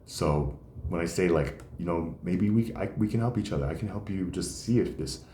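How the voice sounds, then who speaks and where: A man's voice: low voice, moderate pace, a little hiss or hum. A man who does stand-up comedy, telling stories in a casual, rambling way with many fillers. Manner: animated, rambling, frequent fillers. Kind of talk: casual storytelling chat. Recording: roomy echo.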